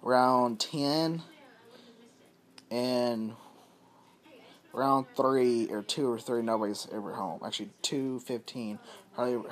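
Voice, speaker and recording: A man vlogging from his home, telling a long story in a loose, rambling, profane way and repeating himself often, recorded on a phone camera. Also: mid-range voice. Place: at home, indoors.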